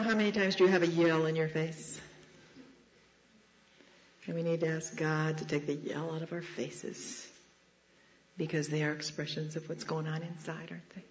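A speaker giving a devotional talk in chapel, telling stories at a shifting pace. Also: medium pitch. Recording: slightly dull lo-fi recording.

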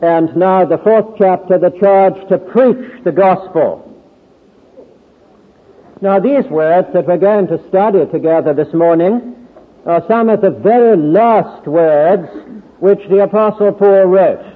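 A higher-voiced man teaches Scripture to a gathering in a large tent, measured and formal, now and then pausing on a hesitant filler. His voice rings with a long reverb and comes through a thin, phone-like band. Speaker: Bible teacher at a convention. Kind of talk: Bible exposition sermon.

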